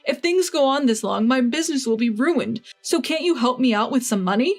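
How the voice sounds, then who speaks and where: A volatile older father-in-law, pleading one moment and blustering the next, as a woman narrator plays him. The voice stays fairly high, as the narrator does little to disguise it, with faint music under the storybook reading. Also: lively intonation, brisk.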